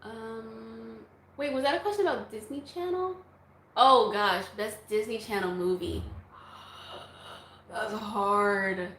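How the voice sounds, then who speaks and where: Speaking slowly with long pauses, a woman vlogger with a somewhat high, slightly bright voice handles viewer questions in a relaxed, chatty Q&A. She laughs a lot and breaks into snatches of song, and the low-quality recording is reverberant with slight background noise.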